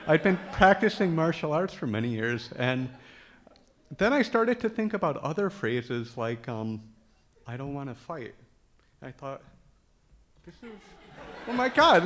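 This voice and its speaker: A man with a slightly higher voice tells a personal story with humor. He acts out the dialogue of the people in it and laughs easily along the way. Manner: laughs often. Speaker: speaker telling his story. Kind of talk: storytelling talk.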